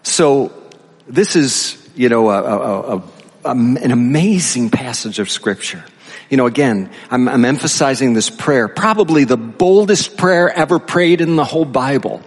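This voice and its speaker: Male pastor giving a chatty sermon in a church, reads scripture slow, voice rings through a big hall. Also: mid-range voice. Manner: conversational, reading scripture slowly, animated asides. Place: church sanctuary.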